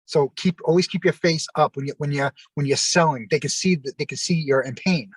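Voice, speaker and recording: A man's voice: on the high side, a little fast, breathy edge, no room sound, rough recording. A middle-aged man, a former pro wrestler, telling rambling stories on a video call and acting out the voices of the people he quotes. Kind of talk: casual anecdotal storytelling.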